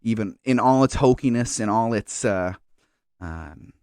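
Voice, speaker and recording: A man with a fairly low voice, co-hosting a casual podcast and rambling through his picks with plenty of ums and false starts. The sound is dry and close, with no room around it. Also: expressive, a little slow, darkish tone, dry recording. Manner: rambling, many fillers and restarts. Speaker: podcast co-host. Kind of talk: casual chat.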